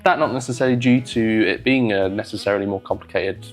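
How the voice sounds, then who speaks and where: A man's voice: on the low side, fast, soft background music. A man vlogging about sewing, rambling casually with wry, self-deprecating asides and many fillers. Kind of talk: casual talk to camera while sewing.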